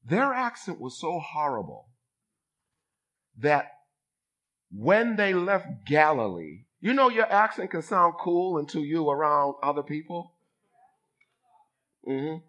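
A man in his fifties from Boston, preaching a sermon as a bishop with lively delivery and call-and-response to his congregation. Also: on the high side, takes it slowly, long pauses. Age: 50s. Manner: animated preacher, acts out voices, calls for response from the congregation.

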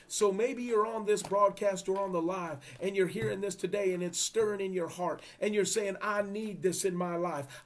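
Man, preacher, sermon, high-pitched, fervent, emphatic. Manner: fervent, emphatic, repeats phrases; drops to a whisper at times.

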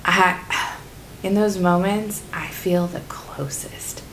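A woman's voice: on the low side, steady tone, slow pace, fairly bright tone, slight background noise. A woman co-hosting a casual faith talk, speaking in an earnest, reflective way and often trailing off mid-thought. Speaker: co-host.

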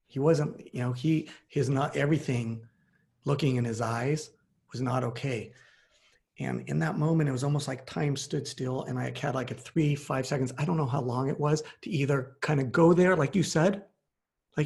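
A man hosts a relaxed conversation and shares a personal story in an open, confessional way. His voice has a gravelly edge and sits at a medium pitch. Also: a little fast. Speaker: host. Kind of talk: casual chat.

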